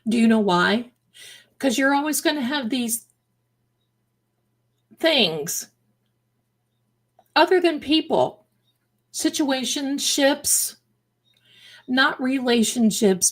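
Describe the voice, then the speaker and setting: A middle-aged woman hosts a casual livestream at an unhurried pace. She talks emphatically and repeats her lines for effect, calling her viewers darlings. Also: medium pitch. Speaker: livestream host.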